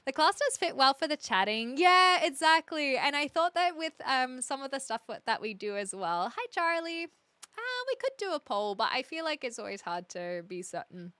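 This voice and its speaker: A young woman live streamer chatting casually with her viewers, reading their comments aloud and thinking out loud in a chatty, indecisive way. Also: sits high, big pitch swings, normal speed, no room sound.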